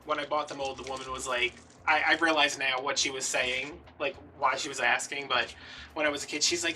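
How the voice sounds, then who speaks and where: A man's voice: medium pitch, fairly even intonation, fast, bright, forceful tone, far from the mic, a little hiss or hum. A man, hosting a craft video and telling rambling, playfully dramatic stories. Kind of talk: casual storytelling while crafting.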